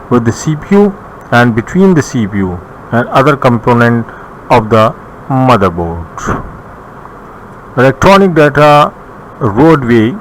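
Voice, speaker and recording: A man with a Bangladeshi English accent teaching a recorded computer lesson, reading his notes slowly with pauses and some restarts. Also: medium pitch, a bit bright, low-quality recording. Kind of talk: recorded classroom lecture. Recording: faint background noise.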